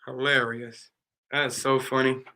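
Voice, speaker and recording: A man's voice: medium pitch, level tone, unhurried, bright, forceful tone. A man hosting a live stream, chatting casually and playfully with his viewers in slangy talk. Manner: playful, slangy, talks to the chat. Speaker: livestream host.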